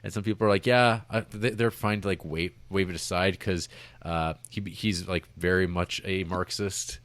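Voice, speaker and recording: Low-voiced rambling podcast guy. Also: steady tone, normal speed, no room sound. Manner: rambling, heavy on fillers and restarts. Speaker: podcast co-host. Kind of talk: casual chat.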